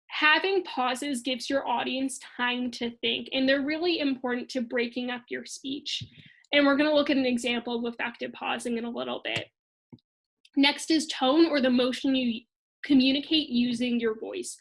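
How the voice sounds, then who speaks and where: A young woman teaching an online lesson for kids in a clear, upbeat and expressive way. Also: high voice, normal speed, rough recording.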